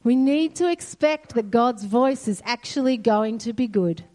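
A woman's voice: fairly high pitch, a little slow. A woman giving a sermon in a church hall, earnest and storytelling. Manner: earnest, storytelling, quotes God softly. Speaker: church speaker.

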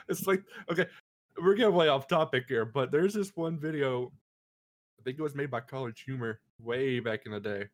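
A man's voice: medium pitch, normal speed, pauses often. A man co-hosting a casual chat, rambling and laughing as he talks. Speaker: podcast co-host.

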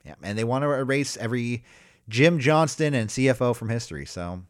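Talking a little fast, a man recaps wrestling matches on a casual podcast he co-hosts, recorded in the studio with no room sound. He jokes and swears freely, staying animated and loose while mocking wrestlers in shrill, shouted voices.

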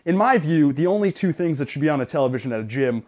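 A man's voice: fairly high pitch, fast. Chatty young man telling a story. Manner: storytelling, animated retelling with restarts. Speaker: podcast co-host. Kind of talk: casual sports chat.

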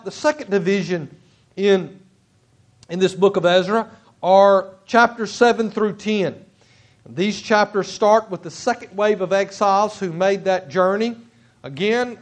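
A man pastor preaching a sermon in a church, halting at times with restarts and repeating words for emphasis. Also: high-pitched. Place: church sanctuary.

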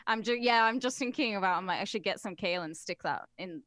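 A British woman co-hosting a podcast, blunt, sweary and quick to laugh in casual chat. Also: medium pitch, fairly bright tone, no room sound. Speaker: podcast co-host.

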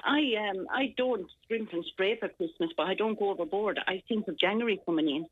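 Irish woman, regular radio caller, husky voice, tinny phone line, dry sound. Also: mid-range voice, fairly quick, no room sound. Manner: chatty, jokey, rambling. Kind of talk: casual phone chat. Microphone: telephone.

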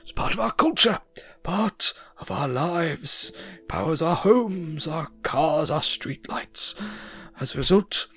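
A man's voice: a little high, very animated, slow pace, a bit bright, slightly rough, full character voice. A man voicing a fussy, polite male centaur records clerk, prim and hesitant. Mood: proud courteous. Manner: prim, hesitant and overly courteous.

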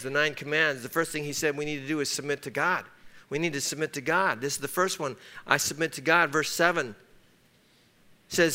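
A man delivers a sermon from the pulpit, his voice pitched high and ringing with a bright, forceful edge. He drives each point home by repeating it and acts out quoted lines within his stories. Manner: emphatic, repeats key phrases, acts out quotes in story. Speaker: pastor.

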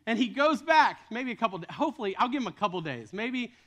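A man's voice: sits high, very animated, quick pace, a bit bright. A man preaching a sermon as a retold story, casual in tone with joking asides.

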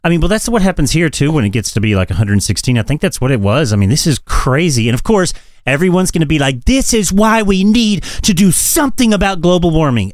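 A male podcast host talks in a casual, blunt and profane way that often turns into a rant. His pitch moves around a lot. The recording is dry and close. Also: no room sound. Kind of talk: casual chat. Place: London home studio.

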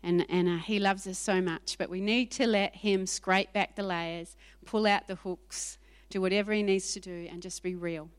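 A woman pastor preaching a sermon in an animated, emphatic way, repeating phrases for effect. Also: mid-range voice, moderate pace, smooth.

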